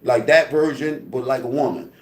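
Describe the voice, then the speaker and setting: A man's voice: mid-range voice, normal speed, reverberant. A man telling a story from prison in a casual, profane way, acting out the sounds with lots of "you know what I mean". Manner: animated, profane, acts out voices and sounds, many fillers.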